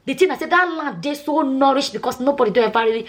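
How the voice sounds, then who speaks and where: A Nigerian woman talks straight to her viewers in a loose, chatty vlog style with a strong Nigerian accent. She speaks quickly, circles back over her points and checks in with "you understand?" Her voice sits a little high for a woman. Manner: chatty, repeats herself, asks "you understand?". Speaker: nurse and vlogger. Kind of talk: casual storytelling vlog in Nigerian Pidgin.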